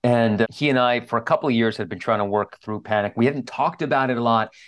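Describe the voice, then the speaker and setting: A man's voice: medium pitch, fast talker. Earnest man telling a personal story. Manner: earnest, openly emotional storytelling. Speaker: guest author. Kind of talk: candid podcast interview.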